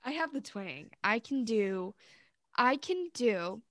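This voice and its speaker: A young woman co-hosting a loose podcast chat, with a somewhat high voice. She is playful and jokey, and she laughs easily. The recording is dry and close. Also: sing-song, slow, a bit bright, no room sound. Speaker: podcast co-host. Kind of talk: casual chat.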